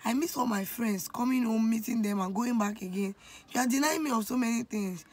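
A woman's voice: on the high side, brisk, a little mellow. A young Nigerian woman in her twenties tells a personal story on her vlog, confiding and emotional, often turning to speak straight to her viewers. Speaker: vlogger.

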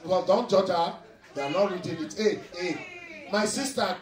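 A man's voice: high voice, moderate pace. A young man with a Nigerian accent doing live stand-up crowd work, teasing the audience and laughing as he talks. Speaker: stand-up comedian. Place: noisy nightclub stage. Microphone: handheld mic. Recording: echoey club, mic picked up from far. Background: crowd laughing and cheering.

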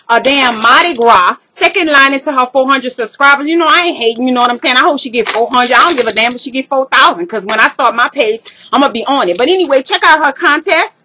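A woman's voice: high voice, sharp tone, slight background noise. A woman with a Southern US accent playing her brash, gossipy, jealous party-girl alter ego in a comedy vlog, talking in a sassy, slangy, trash-talking way. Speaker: vlogger in character.

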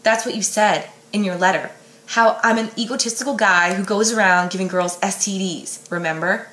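A woman reading the lines of an irritated teenage boy, low and hushed. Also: normal speed, natural voice. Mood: annoyed. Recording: echoey room.

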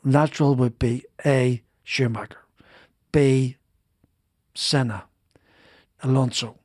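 A man's voice: medium pitch, fairly even intonation, slow pace, a little mellow, dry recording, clean studio sound. A middle-aged man, a former racing driver, telling stories in a casual interview, rambling with many restarts and repeated words. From Northern Ireland. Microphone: studio podcast mic.

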